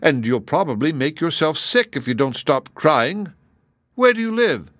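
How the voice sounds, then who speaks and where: A man's voice: on the high side, very animated, moderate pace, no echo, studio quality, voice pushed up. A man doing a sensible little girl. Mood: matter-of-fact. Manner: raised, bright girlish voice, matter-of-fact.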